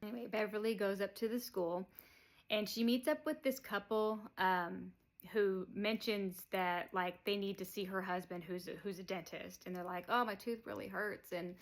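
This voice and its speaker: A woman's voice: medium pitch, steady tone, moderate pace. A woman casually retells a movie plot in a rambling way. She leans on fillers and chuckles now and then. It sounds unscripted and easygoing. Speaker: movie reviewer.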